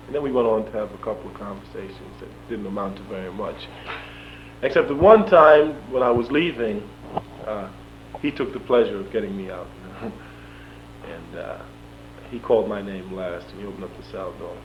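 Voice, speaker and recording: A young man in an interview, recounting events in an animated way, chuckling often and acting out the dialogue. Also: lowish voice, brisk. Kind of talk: storytelling in an interview. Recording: dull lo-fi archival tape with faint hum.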